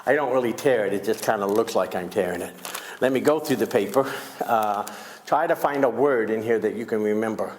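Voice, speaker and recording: Male comic magician, low voice, teasing patter, noisy stage recording. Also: a little fast. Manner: teasing, wisecracking with volunteers. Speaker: magician performer. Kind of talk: comedic magic show patter. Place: school stage before a young audience.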